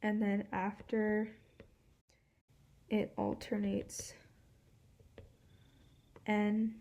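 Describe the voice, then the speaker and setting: A woman's voice: medium pitch, monotone, very slow, warm tone. A woman hosting a walkthrough of a linguistics puzzle, explaining in a casual, hedging way full of "like" and "kind of.". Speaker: host.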